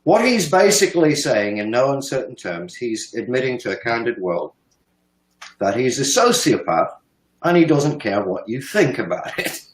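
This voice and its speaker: A man's voice: mid-range voice, big pitch swings, moderate pace, roomy sound, poor audio. A man in his fifties giving heated, emphatic political commentary, sometimes swearing and laughing scornfully. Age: 50s. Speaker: guest commentator.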